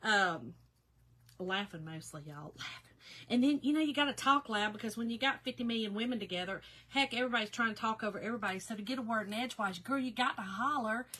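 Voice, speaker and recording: A woman in her fifties, a little hoarse, chatting casually with viewers by name during a crafting live stream. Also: on the high side, quick pace, sharp tone. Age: 50s. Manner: chatty, talks to viewers by name, laughs often. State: slightly hoarse, recovering.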